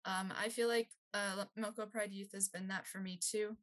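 A woman's voice: medium pitch, steady tone, moderate pace, fairly bright tone, rough recording. A woman talking as a guest on a casual podcast, hesitant, with many fillers and light laughs. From Maryland, US. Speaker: guest, youth outreach director.

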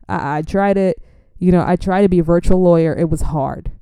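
A young woman talks in a casual, animated vlog, often repeating herself and laughing as she gives faith-based life advice. Her voice sits low and mellow with a smooth tone. The sound is close and dry, with no room around it. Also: brisk, few pauses, dry recording. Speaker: Christian vlogger.

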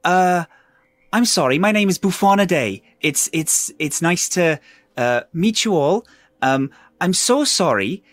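A man's voice: high-pitched, lively intonation, fairly bright tone, dry recording. A man putting on a timid Welsh toad healer. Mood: nervous, apologetic. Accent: put-on Welsh. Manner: halting, nervous, apologetic. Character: timid male toad healer, small and apologetic.

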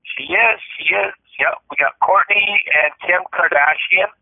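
A man hosting a casual podcast, telling an animated story and acting out the voices of the people in it. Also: high voice, measured pace, gravelly, no room sound. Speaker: podcast host. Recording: dry tinny phone-like sound.

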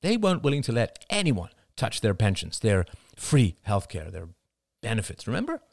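A man's voice: lowish voice, wildly swooping pitch, moderate pace, creaky, a little mellow, no echo, voice pushed up, exaggerated voice. A man voicing a tense, pragmatic father on the run who argues in a blunt, matter-of-fact way. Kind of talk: audiobook character reading.

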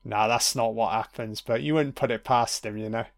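A man's voice: medium pitch, steady tone, moderate pace, creaky. A man giving a casual, sweary and wry commentary over a film.

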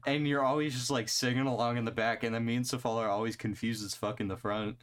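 A young man co-hosting a casual podcast chat, laid-back and quick to swear and laugh. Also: mid-range voice, fairly even intonation. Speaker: podcast co-host.

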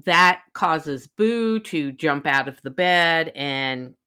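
A middle-aged woman with a low but bright, forceful voice chats casually as a podcast co-host. She tells animated, profane stories and swings up into shrieks when she relives a fright. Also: takes it slowly, clean tone. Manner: animated storyteller, swearing, shrieking when retelling scares. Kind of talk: casual chat.

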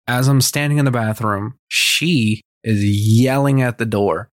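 A man's voice: mid-range voice, unhurried, no room sound. Young man host, casual storytelling, swears freely, acts out the quoted lines, dry close sound. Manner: blunt, profane, acts out both sides of quoted arguments. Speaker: podcast host.

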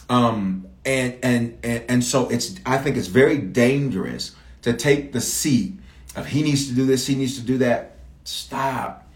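A man's voice: medium pitch, reverberant. A man answering audience questions as a bishop, in an emphatic, repetitive preaching cadence. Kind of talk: preaching Q&A talk.

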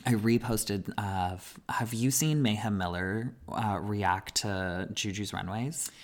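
A woman co-hosting a podcast in casual chat, chatty and quick to laugh, often repeating herself. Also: very deep voice, a little mellow. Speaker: podcast co-host.

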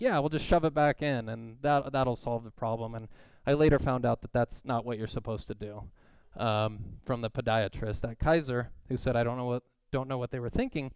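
A man preaching a sermon, telling a personal story with animated, acted-out quotes. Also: mid-range voice, clean tone, dry recording. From California. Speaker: pastor.

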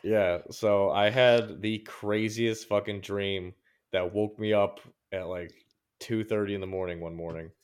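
A man with a somewhat low voice tells a long story at his own pace. He swears constantly and keeps doubling back on details as he goes. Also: fairly even intonation, a little slow, smooth. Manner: profane, rambling storytelling. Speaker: podcast co-host. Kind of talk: casual chat.

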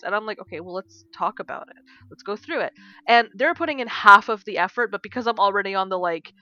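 A woman co-hosting a podcast, telling a story in casual chat, animated and swearing freely as she acts out bits of dialogue. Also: mid-range voice, fast, dry recording. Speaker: podcast co-host and game design teacher. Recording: dull lo-fi sound.

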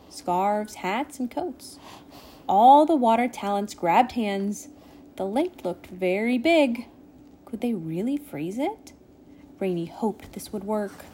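Gentle woman reading a storybook. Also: mid-range voice, a little hiss or hum. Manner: gentle, expressive. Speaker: storybook reader. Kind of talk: reading a children's storybook aloud.

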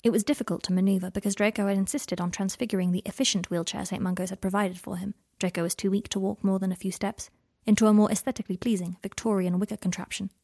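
A woman narrating an audiobook in a gentle, even storytelling manner. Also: mid-range voice, fast, hardly any pauses, dry recording, studio quality.

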